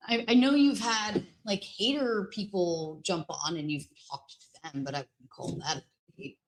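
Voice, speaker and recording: A woman's voice: mid-range voice, steady tone, normal speed, low-quality recording. A woman talking casually in a rambling, teasing way with many fillers. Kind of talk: casual chat.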